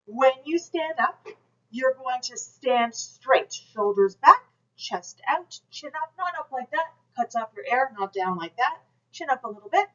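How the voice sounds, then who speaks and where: A woman instructor speaks to her class through a camera, coaching and direct in a slightly high voice. The recording is dull and lo-fi, like a plain lecture video. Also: animated, measured pace. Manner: direct, coaching, demonstrates projection aloud. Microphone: camera mic.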